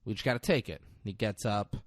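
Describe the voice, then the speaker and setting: Animated man recapping a movie. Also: on the low side, fast talker, no echo. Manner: animated retelling, acting out lines in loud bursts. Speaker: podcast co-host recapping a film. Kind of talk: casual chat.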